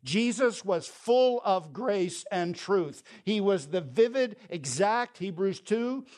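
A man preaching a sermon as pastor, reading scripture and explaining it in a deliberate, emphatic way. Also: high voice, lively intonation, a little mellow.

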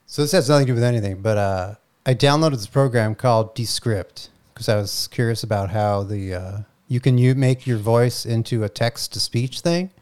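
A man's voice: mid-range voice, normal speed, few pauses, darkish tone, clear, resonant tone. A man co-hosting a podcast in casual chat over a video call, rambling, laughing and swearing freely. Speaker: podcast co-host.

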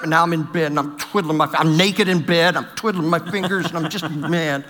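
Speaking at a moderate pace in a somewhat high, slightly bright voice, a middle-aged pastor delivers a funny church talk about marriage. He tells stories, pokes fun at himself, and acts out what people said.

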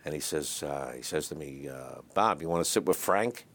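An older man telling stories in a relaxed, chatty way as an interview guest, with lots of fillers and asides. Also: very deep voice, normal speed, a little hiss or hum. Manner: raspy, chatty anecdotes full of fillers. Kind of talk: storytelling in a casual interview.

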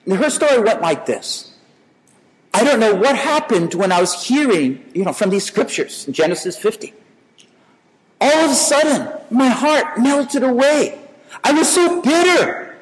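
Lively high-voiced male preacher in a hall. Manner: conversational, repeats and restarts words. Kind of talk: sermon. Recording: reverberant hall.

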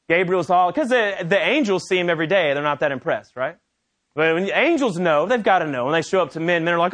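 Sex: male. Role: preacher. Style: conversational sermon. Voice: high for a man. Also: a little fast. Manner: animated, conversational storytelling.

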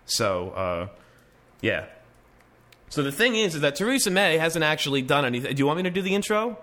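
Man, podcast host, casual news commentary, wry asides, restarts, lively swooping pitch, bright tone. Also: a little fast. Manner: reads articles aloud with wry asides and frequent restarts.

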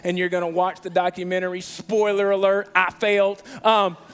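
A man preaching as a guest pastor, telling a funny story in a lively way and acting out the people in it. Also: moderate pace, smooth. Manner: animated, acts out quoted voices with big pitch jumps. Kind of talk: storytelling sermon.

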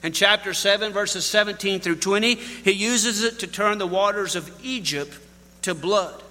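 A man's voice: high voice, moderate pace, bright, forceful tone, long reverb tail. A man preaching a sermon, telling folksy stories and addressing the congregation directly. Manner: folksy storytelling with Southern address.

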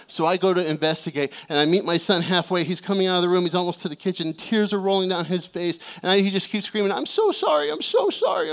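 Calling out for amens, a middle-aged pastor preaches and recounts a family story, giving each person an animated voice of his own. He speaks on the high side.

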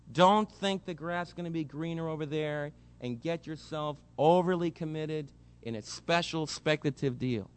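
A man preaching a sermon, explaining scripture and acting out the voices of people in his congregation. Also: fairly high pitch. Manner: animated, acts out quoted voices, speeds up when excited. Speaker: pastor.

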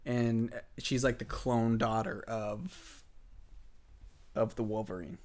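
A man's voice: on the low side, level tone, takes it slowly, darkish tone. A man hosting a casual podcast, talking enthusiastically with lots of fillers and restarts. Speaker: podcast host.

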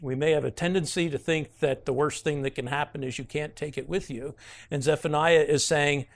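A man's voice: a little high, fairly even intonation, fairly quick, creaky. A man teaching through a book of the Bible, reading passages aloud and explaining them in an earnest, conversational way, with frequent "uh" fillers and sudden emphasis on key words.

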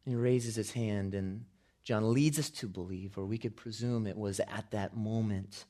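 A man preaching a sermon, building from calm storytelling to loud, shouted climaxes. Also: fairly low pitch, moderate pace. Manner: preaching with big swells, shouting quotes at climaxes. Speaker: pastor.

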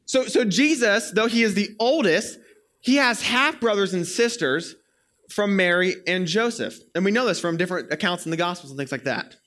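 A young man giving a sermon in an animated, playful storytelling manner. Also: high voice, moderate pace, a little hiss or hum. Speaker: preacher.

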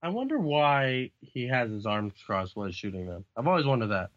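A man recapping comic scenes in relaxed, profane casual chat. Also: mid-range voice, brisk, no room sound, highs cut off. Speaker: comic book podcast co-host.

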